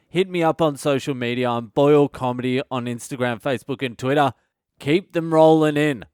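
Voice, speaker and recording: A man's voice: on the high side, a little mellow, smooth, dry recording, studio quality. An Australian man, a comedian hosting his own podcast, delivering a crude, swearing comedic rant. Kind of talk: comedic monologue.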